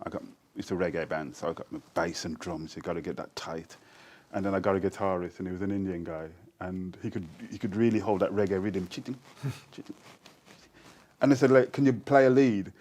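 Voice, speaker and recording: Animated low-voiced Birmingham man. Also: fast talker, hardly any pauses. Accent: Birmingham English with Jamaican influence. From Birmingham, England. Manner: animated, laughs often, breaks into quoted voices. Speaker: interview guest, poet. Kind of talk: casual storytelling interview.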